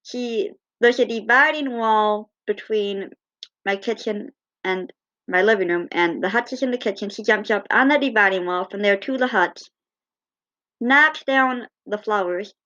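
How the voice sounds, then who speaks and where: A woman telling fond, gently humorous personal stories in a casual way. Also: medium pitch, a little slow, highs cut off. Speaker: cat owner.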